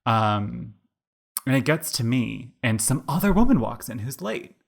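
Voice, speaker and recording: A podcast co-host in his twenties speaks at a measured pace in a mid-range voice with vocal fry. He rambles through a story in casual chat, animated and saying "like" all the time.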